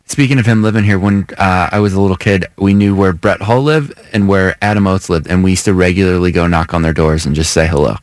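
A man co-hosting a radio morning show with wry, teasing asides. His voice sits low. The studio sound is dry and close. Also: fast talker, few pauses, no room sound. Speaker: radio co-host. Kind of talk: casual radio banter.

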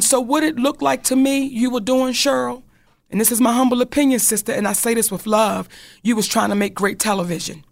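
A middle-aged woman with a gravelly, slightly rough voice holds forth on her own talk show. She talks straight to the people she names, emphatic and a little preachy. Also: a little high, steady tone, a little fast. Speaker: comedian and co-host. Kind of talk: candid talk-show commentary.

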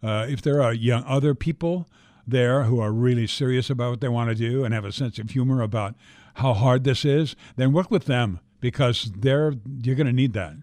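A man's voice: medium pitch, normal speed, a little mellow, no echo. An older man, a guest actor, telling stories in a casual interview, talking animatedly, repeating words and swearing freely.

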